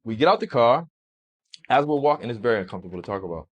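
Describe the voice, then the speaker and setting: A man recounting a personal story as an interview guest, halting and restarting often. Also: medium pitch, very animated, husky.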